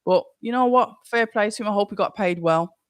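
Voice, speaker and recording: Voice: medium pitch, a little fast, dry recording, clean studio sound. A host running a live watch-along stream, reading viewer comments aloud and chatting casually as they think aloud.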